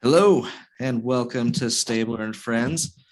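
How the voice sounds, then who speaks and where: A man hosting a casual podcast, chatting in a relaxed, self-deprecating way with a friend. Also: medium pitch, measured pace. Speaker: podcast host.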